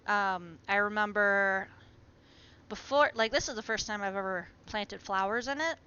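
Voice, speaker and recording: A woman's voice: medium pitch, moderate pace, pushed and bright, clean tone. A woman chatting casually on a live stream, talking to her plants and to her viewers at home. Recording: muffled lo-fi stream audio with faint noise.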